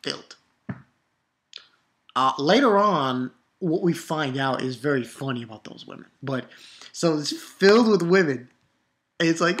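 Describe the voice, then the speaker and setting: A woman reviews a manga chapter in a loose, excitable way and laughs often. Her voice sits fairly low but swings widely in pitch. She acts out the lines she describes as she goes. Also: a little slow, long pauses.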